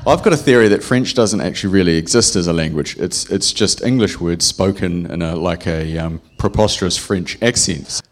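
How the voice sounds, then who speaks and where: Low-voiced New preacher, chatty. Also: male voice, animated, moderate pace. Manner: joking, chatty, asks the audience questions. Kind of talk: casual sermon to a congregation. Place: church hall with congregation.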